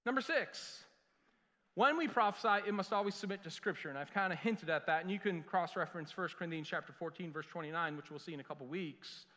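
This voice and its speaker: A middle-aged man preaching a sermon as pastor, telling jokey stories and breaking into quick put-on voices for the people he quotes. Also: high voice, sharp tone. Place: church sanctuary. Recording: reverberant church sanctuary.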